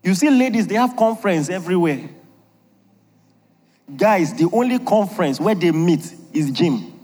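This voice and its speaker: A man's voice: high-pitched, expressive, moderate pace, darkish tone, big-room sound. A man preaching a humorous sermon on marriage, jokey and emphatic, laughing often at his own lines.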